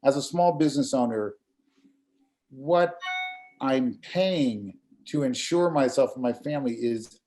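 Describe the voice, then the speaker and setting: A middle-aged man, a graphic designer and community volunteer, talking casually in an online community meeting over a video call. He speaks earnestly and haltingly, often repeating words as he gathers his thoughts. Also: mid-range voice, dark tone.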